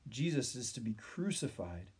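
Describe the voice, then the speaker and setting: A young boy tells his friend the latest news in a brisk, eager way, voiced by a male storyteller. The voice stays close to the reader's own, only a touch raised. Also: medium pitch, very animated, a little mellow, husky. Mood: telling news.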